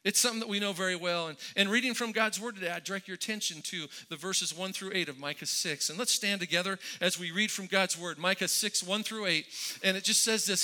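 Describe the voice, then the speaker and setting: A man's voice: high voice, fast, bright, forceful tone. A man preaching a sermon, telling a story in a conversational way with many restarts and repeated words. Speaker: pastor.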